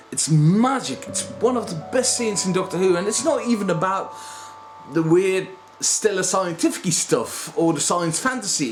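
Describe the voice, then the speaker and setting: A man in his thirties giving a casual spoken review, animated and self-deprecating, laughing often. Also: fairly high pitch. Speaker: video reviewer.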